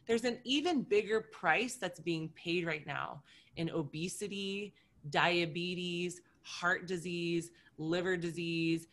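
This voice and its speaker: A woman's voice: on the low side, slow, a bit bright. A woman nutrition coach talking through a vivid everyday scenario, acting out quoted inner voices as she goes. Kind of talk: animated storytelling talk.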